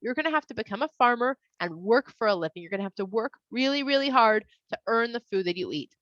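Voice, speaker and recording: A woman's voice: fairly high pitch, fast, no echo, highs cut off. A woman voicing God as a patient, lecturing figure in a kids' Bible story. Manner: calm, explaining, casual slang.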